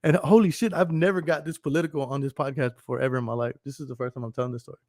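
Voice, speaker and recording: A man's voice: mid-range voice, fairly even intonation, very fast, a little mellow, no room sound, studio quality. A man hosting a podcast, ranting casually and profanely, rambling and laughing often as he talks. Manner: profane, rambling, laughs often, repeats "you know what I'm saying". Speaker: podcast host.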